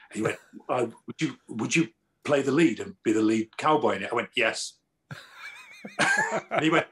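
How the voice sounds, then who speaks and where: A middle-aged man, an actor, chatting casually as an interview guest and telling stories lively, acting out the people he quotes. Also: medium pitch, a little fast. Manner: animated storyteller, acts out quoted exchanges.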